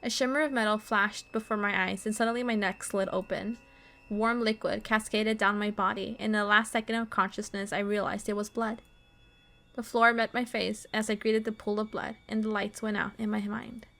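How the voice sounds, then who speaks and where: A woman streamer reads a visual novel's story text aloud in a slow, dramatic voice at an ordinary middle pitch. She stops now and then to swear and react to the story. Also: level tone, sharp tone. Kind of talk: reading game text aloud with live reactions.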